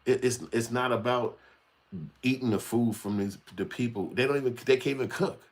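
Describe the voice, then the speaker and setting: A man's voice: medium pitch, steady tone, normal speed. A man giving a blunt, heated commentary, cursing freely and acting out other people's voices. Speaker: channel host. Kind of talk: unscripted commentary rant.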